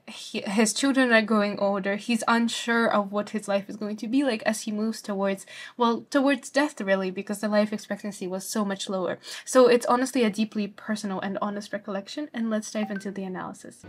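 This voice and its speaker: A young woman presenting a literature study guide, explaining a poem line by line in an earnest way, slowing down when she reads the verse aloud. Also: medium pitch, steady tone, faint music behind. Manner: earnest, uses fillers like "like", slows down to read quoted verse.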